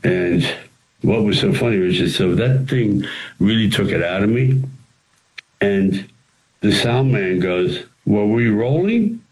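An older man, an actor and writer, answering interview questions with animated stories and acted-out quotes. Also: fairly low pitch, unhurried, long pauses, slight background noise, poor audio. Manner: animated storyteller who acts out quoted lines.

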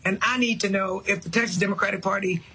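A man's voice: sits high, fairly even intonation, fast talker, bright, forceful tone, breathy edge, low-quality recording. A man in a clip, speaking bluntly and insistently as a political guest. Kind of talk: interview clip.

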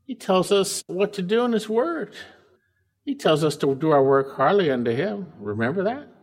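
A man preaching with a slightly raised, lively voice that climbs high for emphasis and then drops low and quiet. He reads scripture aloud, then unpacks it, often asking the congregation questions. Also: normal speed. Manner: emphatic, swings from loud highs to quiet lows. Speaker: pastor. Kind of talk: verse-by-verse sermon.

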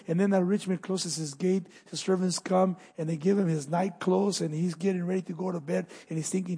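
A male pastor preaching a sermon, dramatic, swinging from loud emphatic scripture reading to hushed asides. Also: high voice, fairly even intonation, brisk, hardly any pauses, slightly rough, in a large hall.

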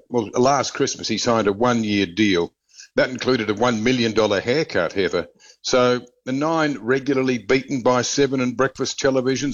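A male correspondent filing a brisk, opinionated report for talk radio. His voice is mid-pitched and comes through a slightly dull, lo-fi line. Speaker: Australia correspondent.

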